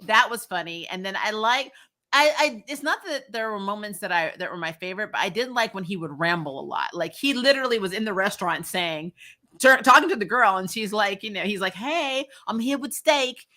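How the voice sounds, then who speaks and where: A woman chatting casually as a podcast guest, animated and ranting, laughing often. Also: medium pitch, a little fast.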